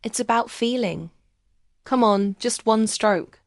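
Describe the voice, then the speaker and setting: A woman's voice: fairly high pitch, slow, no echo, clean studio sound. A woman voicing an enthusiastic, free-spirited woman painter in her fifties who speaks directly and encouragingly.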